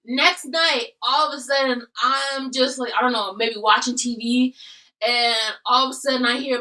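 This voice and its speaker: A woman's voice: high voice, fairly even intonation, moderate pace, bright, forceful tone, far from the mic, rough recording. A woman hosting a casual eating video, animatedly telling a story. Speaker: host.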